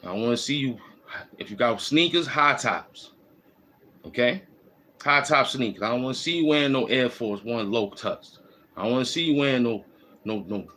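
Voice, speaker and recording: Out walking in the cold, a vlog host rambles through streetwise advice that is slangy, loose and repetitive. His mid-range voice sounds pushed and bright, and there's slight background noise.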